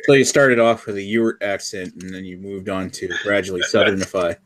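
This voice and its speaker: A man from New Brunswick chatting on a livestream, relaxed and matter-of-fact with dry jokes. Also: sits low, fairly quick. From New Brunswick, Canada. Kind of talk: casual chat on a livestream.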